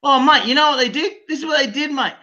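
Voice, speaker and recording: Rowdy high-voiced Australian man, lo-fi. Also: fast talker, bright, forceful tone. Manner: rowdy, profane, rambling, says mate constantly. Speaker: call-in guest. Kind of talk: crude casual banter.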